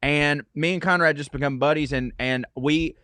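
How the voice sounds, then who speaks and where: A man's voice: fairly high pitch, fairly even intonation, normal speed, pushed and bright, clean tone, dry recording. A man in his thirties from Georgia, a comedian guest talking casually, rambling and profane with many restarts. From Georgia, USA. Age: 30s. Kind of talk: casual podcast conversation.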